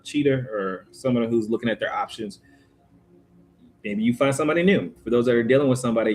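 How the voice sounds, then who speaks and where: A man's voice: mid-range voice, a little mellow. A man giving a casual, informal tarot reading to his viewers, chatty and full of slangy asides. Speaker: tarot reader.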